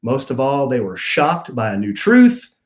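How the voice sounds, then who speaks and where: A man's voice: medium pitch, wildly swooping pitch, unhurried, reverberant. A man co-hosting a casual podcast, reading a news article aloud and bantering with his co-host. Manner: reads the article then banters, teasing.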